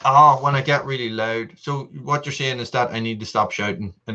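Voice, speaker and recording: A man's voice: medium pitch, brisk, bright, forceful tone, muffled recording. A man hosting a casual live stream from an upstairs room at home, chatting to viewers in a rambling, self-mocking way while testing his microphones. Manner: rambling, self-mocking, restarts and laughs often. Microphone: testing camera mic and desk mic.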